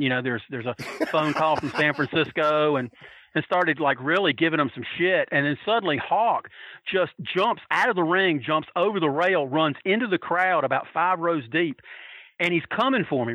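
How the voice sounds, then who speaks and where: A man telling wild anecdotes in a casual, profane, animated way, acting out other people's voices and laughing as he goes. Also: on the high side, moderate pace, no echo, lo-fi sound. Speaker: storyteller guest.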